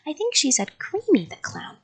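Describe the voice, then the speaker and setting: A woman voicing a little girl dressed as a princess, speaking in a flat, matter-of-fact, unimpressed way in a storybook reading. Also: high voice, moderate pace, pitched above the performer's own voice.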